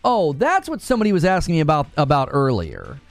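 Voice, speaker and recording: In a fairly high voice and a fast delivery, a man runs a live gaming news stream, chatting casually with his audience and reading their messages. Soft background music accompanies the dry recording, and he gets excited when thanking donors.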